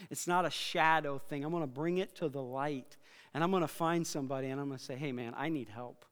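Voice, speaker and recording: A high, smooth-voiced man preaches a sermon, dropping to quiet remarks and then rising to loud, emphatic passages. His voice rings out with a long reverb, as if filling a large church sanctuary. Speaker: pastor.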